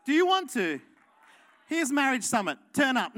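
High-voiced woman preaching with fervor. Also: sing-song, normal speed. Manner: passionate, rising to shouts, rhetorical questions. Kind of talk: sermon.

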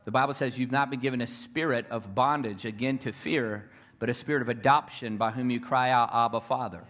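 A man's voice: mid-range voice, a little fast, a bit bright. A man preaching a fervent sermon, telling stories and calling to the crowd for responses.

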